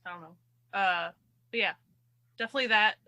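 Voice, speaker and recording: A woman's voice: mid-range voice, a little fast, sharp tone, no echo. A woman co-hosting a podcast, talking hesitantly and thoughtfully, hedging her answers. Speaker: podcast co-host. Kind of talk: casual chat.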